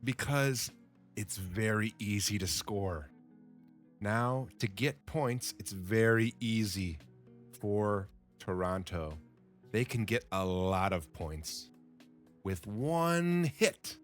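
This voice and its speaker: Man, English teacher, very slow deliberate delivery, repeats key words, excited reactions, faint guitar music underneath. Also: fairly low pitch. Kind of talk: slow, simple English lesson over game footage.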